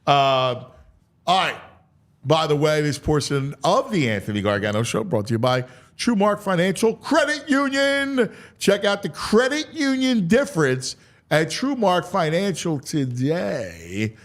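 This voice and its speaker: A man's voice: fairly high pitch, big pitch swings, measured pace. A man hosting a sports talk radio show, chatting casually with many stumbling restarts. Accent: Philadelphia.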